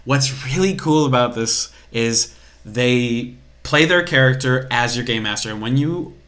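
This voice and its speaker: A man's voice: mid-range voice, a little slow, a bit bright. A young man co-hosting a casual podcast in an ordinary, mid-range voice. He talks in a chatty way and explains at length, with small restarts along the way. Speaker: podcast co-host.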